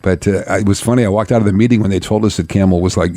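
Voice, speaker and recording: A middle-aged man, a radio DJ, telling career stories in an animated, laughing way. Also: fairly low pitch, fast, hardly any pauses, no echo. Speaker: radio DJ, interview guest. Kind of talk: casual storytelling interview.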